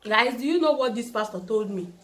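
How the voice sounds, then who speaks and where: Animated young Nigerian woman telling a story. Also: on the high side, fairly quick. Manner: animated, acts out quoted voices. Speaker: vlogger. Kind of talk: storytime vlog.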